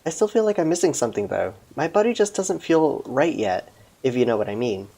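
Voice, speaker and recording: A man voicing a relaxed young female fire goddess in a game, in a near-everyday voice. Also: mid-range voice, brisk, gravelly, breathy edge, heavily acted.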